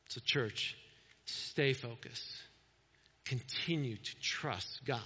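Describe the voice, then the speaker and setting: A man's voice: fairly high pitch, sharp tone, in a large hall, highs cut off. A man preaching a sermon as pastor, pressing his points with emphatic repeated calls. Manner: preaching with rising, emphatic repetitions.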